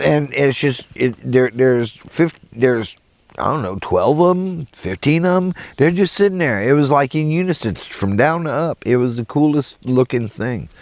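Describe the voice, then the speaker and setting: A middle-aged man with a Southern drawl tells a rambling, lively story. His voice swings widely up and down as he acts out the people in it. The sound is close and dry, with no room echo. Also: medium pitch, gravelly. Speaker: podcast host telling a story. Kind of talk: casual storytelling.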